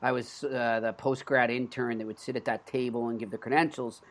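A man's voice: medium pitch, steady tone, fairly quick, a bit bright. Boston-accented man hosting a chat show. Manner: rambling, with frequent restarts and fillers. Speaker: podcast host. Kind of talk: casual chat.

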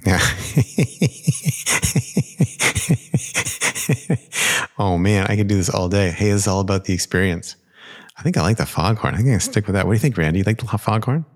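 Very deep-voiced playful male podcast host. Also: racing. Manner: playful, rambling, with fillers and self-corrections. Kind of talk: casual podcast talk. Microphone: close studio microphone.

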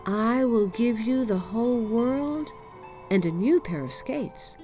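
A cold, grand queen of snow in a storybook, read by a woman. She speaks in a stately, lofty way with a lively rise and fall, slow and unhurried, over faint music. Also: on the high side.

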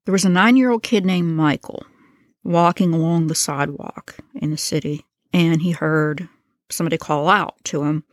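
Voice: medium pitch, moderate pace, no echo, clean studio sound. A narrator retelling a crime case in a casual, conversational way with slangy asides.

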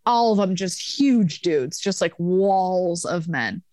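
A young adult woman, a podcast guest, telling a bar story in a casual, profane, animated way with acted-out quotes. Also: lowish voice, slow pace, dry recording.

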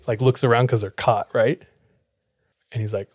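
A man's voice: medium pitch, brisk, breathy edge, no room sound, clean studio sound. A man, a podcast co-host, casually telling a story and acting out the lines of the people in it. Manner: animated, acts out quoted dialogue.

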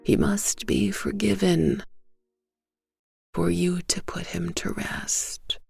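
An ancient oak spirit speaks in a croaking, whispered role-play, voiced by a woman storyteller. The words come slow and cryptic, low and gravelly under the breath. Soft violin music drifts faintly behind. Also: animated, no echo, studio quality, exaggerated voice. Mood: hushed, cryptic.

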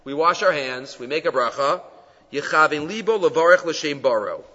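Animated, bright-voiced man teaching a Torah class. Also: a little high, moderate pace. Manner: emphatic, weaves in quoted Hebrew texts. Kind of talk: Torah lecture. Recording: dull lo-fi recording in an echoey hall.

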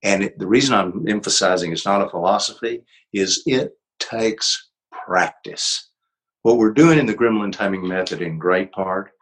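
An older man, a psychologist and author, talking as an interview guest in a gentle, reflective way with easy laughs. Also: low-pitched, low-quality recording. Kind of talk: conversational interview.

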